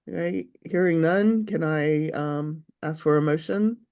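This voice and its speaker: A woman with a cold, sounding congested, chairing a remote public meeting over a video call in a brisk, procedural way. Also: low voice, a little mellow, dry recording, lo-fi sound.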